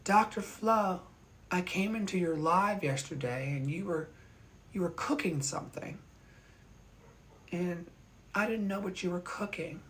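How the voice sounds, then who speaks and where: A man mimicking a prim, hesitant adult woman speaking slowly and overly politely. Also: high voice, a bit bright, pitched above the performer's own voice.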